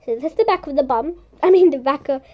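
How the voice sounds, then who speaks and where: Young woman, high voice, bubbly casual vlog chat, playful, occasional whispers. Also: fast, a little mellow. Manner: bubbly, chatty, dips into whispers and playful sound effects. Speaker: vlogger showing squishies and slime. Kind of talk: casual show-and-tell with ASMR bits.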